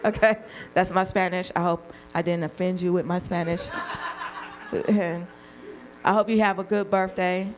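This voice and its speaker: A woman's voice: on the low side, steady tone, moderate pace, long pauses, low-quality recording. A woman in her fifties doing a stand-up roast, brash and teasing, who laughs at her own jokes. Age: 50s. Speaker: comedian roasting guests.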